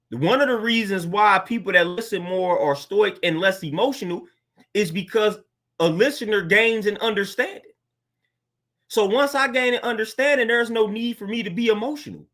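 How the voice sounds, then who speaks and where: A man's voice: sits high, pushed and bright. A man giving a casual, earnest motivational talk as a coach, preaching and often calling listeners "man" and "fam".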